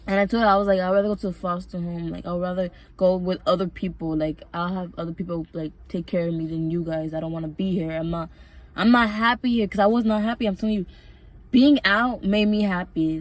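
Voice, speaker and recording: Woman vlogger with a lowish voice, loose and profane, telling her story. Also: steady tone, brisk, a little mellow. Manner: rambling, profane, emotional storytelling. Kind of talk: casual storytime vlog.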